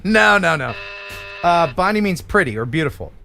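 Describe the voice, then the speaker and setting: A man's voice: on the high side, normal speed, creaky, faint music behind. An American man hosting a live-stream quiz, laughing and chatty as he reads out words. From United States. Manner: lively, laughing quizmaster. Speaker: host.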